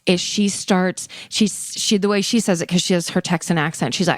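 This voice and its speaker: Lower-voiced woman telling a story. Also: fairly even intonation, normal speed, few pauses, dry recording, studio quality. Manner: retells a story with frequent swearing and acted quotes. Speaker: podcast co-host. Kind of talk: casual storytelling chat.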